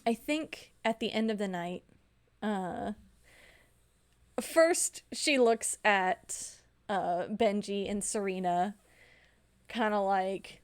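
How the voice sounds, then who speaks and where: A woman narrating a tabletop game as game master, unhurried, laughing between lines. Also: mid-range voice, clean tone.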